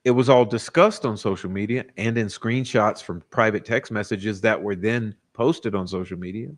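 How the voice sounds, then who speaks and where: A man's voice: lowish voice, moderate pace. A man hosting a casual livestream, ranting combatively and profanely, with frequent restarts. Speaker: livestream host.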